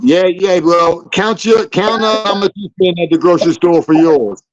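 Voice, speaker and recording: A man's voice: high-pitched, normal speed, no room sound, highs cut off. A man bantering and teasing in casual talk. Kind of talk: casual chat.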